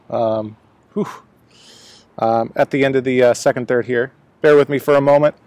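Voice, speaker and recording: Man, mid-range voice, chatty rambling reviewer, halting delivery. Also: mid-range voice, no echo. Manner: rambling, many fillers and restarts. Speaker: cigar reviewer. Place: outdoors at a laptop, breezy day.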